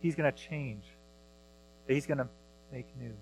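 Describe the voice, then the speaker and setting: A man in his thirties preaching a sermon as pastor, earnest, rising loud when he reads scripture. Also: medium pitch, unhurried, slight background noise, rough recording.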